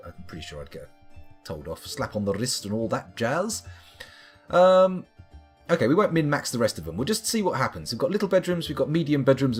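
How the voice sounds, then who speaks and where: Man, live game streamer, rambling chat, husky, very animated pitch. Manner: chatty, rambling, reads and answers chat.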